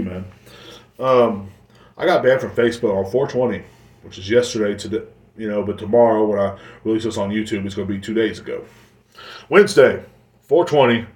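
A man's voice: on the low side, a little mellow. Profane, rambling man in an echoey room. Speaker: podcast host. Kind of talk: casual solo podcast monologue. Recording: roomy echoey recording.

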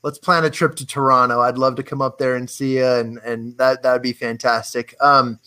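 A man's voice: mid-range voice, little pitch movement, moderate pace, sharp tone. A man hosting an interview over a video call, upbeat and enthusiastic. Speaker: podcast host. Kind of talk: casual interview chat.

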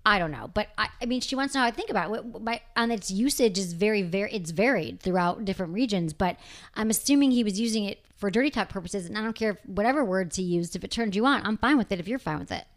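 A woman hosting a sex advice podcast, talking frankly and casually, reading listener emails with quick asides and laughs. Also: medium pitch. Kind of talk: casual chat.

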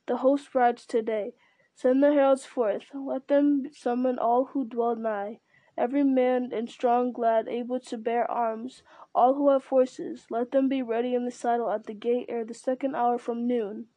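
Commanding aging king, read by a woman, slightly high voice, dry close sound. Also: flat delivery, measured pace, dark tone, dry recording, lightly acted. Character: stern aging male king.

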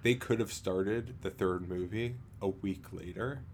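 A man co-hosts a podcast in casual conversation, his voice fairly low and somewhat dark, with a slight hiss or hum underneath. He rambles and halts, piling on fillers and restarts, and laughs often.

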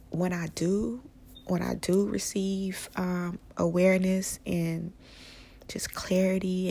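A woman hosting a casual spiritual podcast, speaking softly and often slipping into a whisper, rambling with restarts. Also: lowish voice, vocal fry, a little hiss or hum. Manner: soft-spoken, often drifting into a whisper. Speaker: podcast host.

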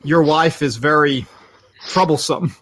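A man's voice: on the high side, a little slow, fairly bright tone. A man voicing a pompous, formal male detective who speaks in stiff, old-fashioned phrases. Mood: haughty.

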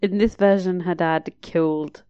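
A woman casually reacting to a period drama she is watching, wry and chatty and quick to laugh. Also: on the low side, fairly even intonation, mellow, clean tone, no room sound, highs cut off.

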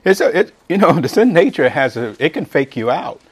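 Middle-aged male pastor, folksy sermon delivery, lively swooping voice, on the higher side, climbs to emphatic peaks. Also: fairly quick, slightly rough. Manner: folksy, preacherly, rising to emphatic shouts.

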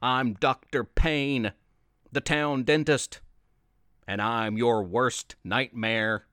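A man voicing a gruff, heroic male town dentist in a storybook reading, speaking low and grumbling. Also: steady tone, slow pace, a bit bright, dry recording, studio quality. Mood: defiant.

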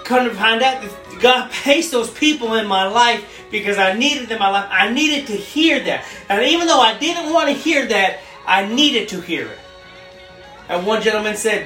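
Earnest woman preaching with soft music. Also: a little high, expressive. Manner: earnest, repeats phrases, slows down for scripture. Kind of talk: sermon.

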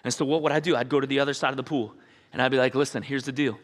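A man's voice: mid-range voice, fairly even intonation, racing. A middle-aged man preaching a sermon as pastor, telling stories animatedly, acting out voices and asking the congregation questions. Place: church sanctuary. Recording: long hall reverb.

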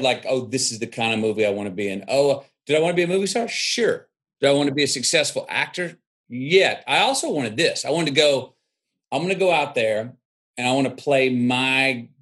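A Texan man guests on a storytelling interview, his mid-range voice fairly bright in tone. He tells his stories in a reflective drawl and acts out the voices of the people he quotes.

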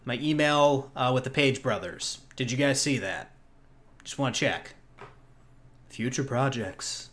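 A man's voice: mid-range voice, a little slow, a bit bright. Rambling, chuckling male podcast host. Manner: rambling, chuckling, frequent restarts. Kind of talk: casual chat recapping a convention.

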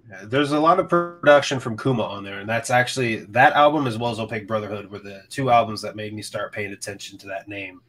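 A man's voice: lowish voice, fast talker, hardly any pauses, a bit bright, soft background music. A man co-hosting a podcast, chatting casually about albums, enthusiastic and swearing freely, often trailing off. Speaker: podcast co-host. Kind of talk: casual chat reviewing music.

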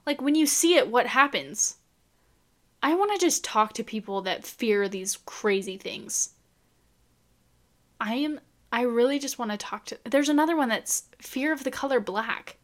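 A woman's voice: fairly high pitch, expressive, measured pace, a bit bright. A young woman vlogging in a casual, chatty way, full of incredulous rhetorical questions. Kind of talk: casual chat to camera.

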